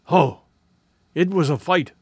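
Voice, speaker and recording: A man's voice: on the high side, takes it slowly, breathy edge, dry recording, clean studio sound. A man voicing a wounded male warrior who tells a grim story of battle with fierce, boastful proclamations.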